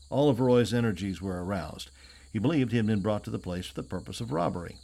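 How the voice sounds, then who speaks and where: A man narrating an old adventure novel as an audiobook, in a steady, even storytelling manner. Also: on the low side, fast, vocal fry. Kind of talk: scripted narration.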